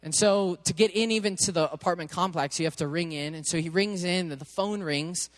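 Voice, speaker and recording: A man preaching in a chatty, animated storytelling way, often restarting his sentences. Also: high-pitched, brisk. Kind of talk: storytelling sermon. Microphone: headset mic.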